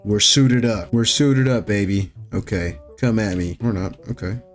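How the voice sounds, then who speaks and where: Excitable young man gaming. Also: on the low side, moderate pace. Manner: jokey, excitable, yelps at scares. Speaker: gaming YouTuber. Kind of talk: Minecraft commentary. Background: faint music.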